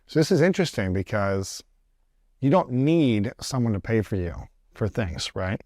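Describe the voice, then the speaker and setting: Male host, lowish voice, curious and affirming interviewer, dry close mic. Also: sing-song, moderate pace, dark tone, no room sound. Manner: curious, affirming, asks probing follow-ups. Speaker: podcast host. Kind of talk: interview conversation.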